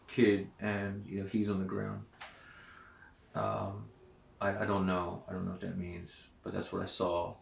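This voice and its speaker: A man with a rough, gravelly, low-pitched voice talks in a loose, hesitant monologue full of pauses and restarts. He sits back from the microphone, and the room around him rings with echo. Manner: halting, hesitant, many ums and restarts. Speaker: dream recounter. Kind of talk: casual spoken monologue. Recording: echoey room, far from the mic.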